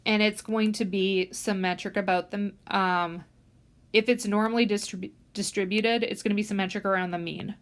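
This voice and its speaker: A woman instructor delivers a recorded lecture in a mid-range voice. She talks through each point step by step, fills pauses with "um", and leans hard on the words she wants students to remember. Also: medium pitch, fairly even intonation. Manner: explanatory, many "um" fillers, stresses key words. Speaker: statistics instructor.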